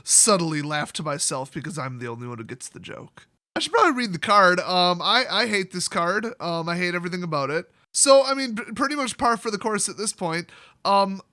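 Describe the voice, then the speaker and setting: A man's voice: sits high, sharp tone, no echo, studio quality. A man hosting a comedic card-review vlog, sarcastic and ranting, with jokey asides. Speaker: card game video host.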